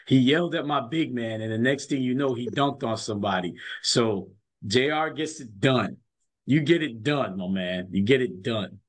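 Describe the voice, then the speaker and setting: A man's voice: medium pitch, normal speed. Earnest storytelling man coach. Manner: earnest storyteller, repeats words as he goes. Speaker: college basketball coach. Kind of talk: casual interview chat.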